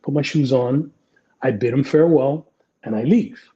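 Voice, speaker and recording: A man's voice: mid-range voice, moderate pace, mellow, highs cut off. A middle-aged man, a retired police detective, telling blunt, profane anecdotes in a casual interview.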